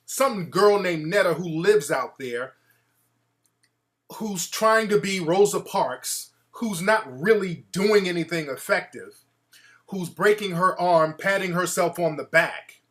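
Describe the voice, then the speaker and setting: A man hosting a talk show, ranting in an animated, mocking way and putting on voices to quote people. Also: high voice, slow. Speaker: show host. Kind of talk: casual talk-show rant.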